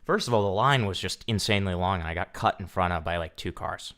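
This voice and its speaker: Low-voiced man ranting to his stream. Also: quick pace, fairly bright tone. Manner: profane, ranting storytelling to chat. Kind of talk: casual livestream chat.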